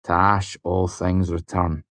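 A man voicing a wry, measured young male student in an audiobook. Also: sits low, little pitch movement, a bit bright, dry recording. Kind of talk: audiobook character voice.

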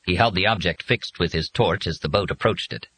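A man reading an audiobook in a husky voice with dramatic, expressive scripted narration. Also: sits low, fairly quick, rough recording.

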